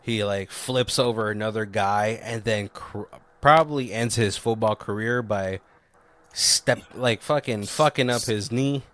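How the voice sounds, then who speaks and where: A man's voice: fairly low pitch, unhurried, fairly bright tone. A man co-hosting a casual movie review podcast, retelling scenes with loose impressions and laughing often. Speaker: podcast co-host.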